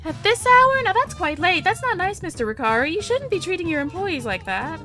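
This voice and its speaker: A woman's voice: big pitch swings, brisk, bright, forceful tone, soft background music, full character voice. Woman doing a bubbly, nosy young tourist woman. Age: 20s. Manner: bubbly, high and prying.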